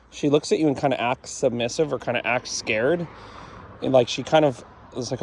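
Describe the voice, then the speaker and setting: A man's voice: mid-range voice, fairly quick, darkish tone. A man working as a dog trainer, talking through a session outdoors in a blunt, matter-of-fact way. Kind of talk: casual explanatory commentary while training.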